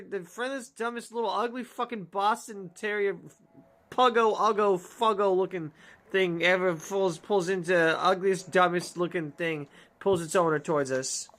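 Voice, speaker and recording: A woman's voice: mid-range voice, moderate pace, a bit bright. A young woman streamer giving goofy, joking commentary while reading a dating game aloud. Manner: goofy, reads dialogue aloud, swears and jokes. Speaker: gaming streamer. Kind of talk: casual let's-play commentary.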